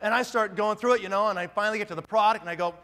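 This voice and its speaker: A middle-aged man telling a story to an audience, lively and acting out the people in it. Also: high-pitched, rapid-fire. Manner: animated, acts out the people in his story. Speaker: business speaker. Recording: long reverb of a large hall.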